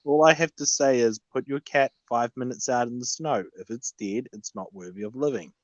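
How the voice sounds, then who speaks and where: A man's voice: mid-range voice, normal speed, no room sound. A man with a mid-range voice chats on a livestream, dropping short, dry and blunt remarks. His audio is close and dry, with a dull, muffled tone. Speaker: livestream co-host. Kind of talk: casual chat.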